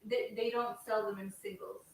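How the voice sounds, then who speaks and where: A woman answering quickly from off-mic, with short, dry replies. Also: medium pitch, steady tone. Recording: distant off-mic voice in a roomy, noisy space.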